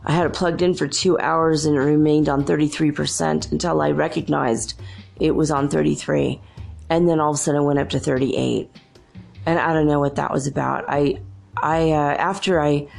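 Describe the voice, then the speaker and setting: Low, gravelly-voiced woman telling stories. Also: darkish tone. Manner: rambling, chatty, laughs often. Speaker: podcast host. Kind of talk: casual storytelling monologue.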